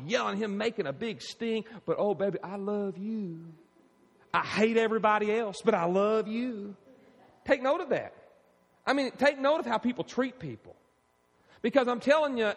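A male pastor preaching a sermon, animated and emphatic, calling out to his congregation. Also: high-pitched. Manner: animated, preaching with rising emphasis and audience call-outs. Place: church sanctuary. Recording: long reverb in a large hall.

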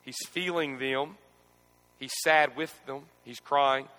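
Bright-voiced preacher in a reverberant hall. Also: male voice, medium pitch, steady tone, takes it slowly. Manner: call-and-response preaching, leads congregation in repeating scripture; swings from quiet reflective to rising emphatic. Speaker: pastor. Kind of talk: sermon. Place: church.

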